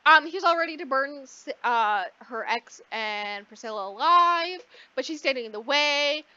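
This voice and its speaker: High bright-voiced woman rambling through a recap. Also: expressive, dry recording. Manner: rambling, swearing, acts out characters in quick asides. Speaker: podcast co-host. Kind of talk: casual book recap. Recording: dull lo-fi dry recording.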